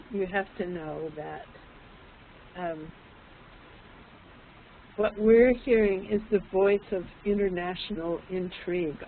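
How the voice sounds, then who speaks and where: A woman's voice: mid-range voice, slight background noise. A woman teaching an online English class, explaining patiently and putting questions to her students. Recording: tinny lo-fi online call audio.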